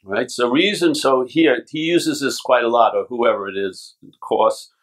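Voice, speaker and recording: A man's voice: medium pitch, moderate pace. A man from Long Island, a spiritual teacher giving a casual, blunt talk to a retreat group, swearing now and then and often checking with "yeah?". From Long Island, New York. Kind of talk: talk to a retreat group, reading passages aloud. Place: retreat gathering.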